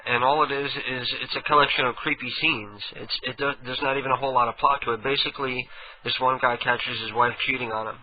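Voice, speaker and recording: A man's voice: medium pitch, steady tone, quick pace. A man hosting a radio show, chatting casually and rambling with many restarts. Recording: tinny phone-like radio audio with faint hiss.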